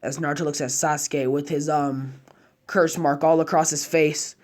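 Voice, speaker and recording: A man's voice: fairly high pitch, level tone, normal speed. A man narrating a fan-made story casually, chaining run-on clauses with slang and fillers.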